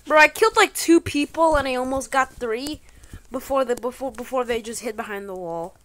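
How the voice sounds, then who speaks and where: Woman yelling and joking thru her gameplay, slangy, kinda high voice. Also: brisk. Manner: excitable, bursts of exclamations; playful trolling banter, slangy. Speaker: gaming channel host. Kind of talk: gameplay commentary.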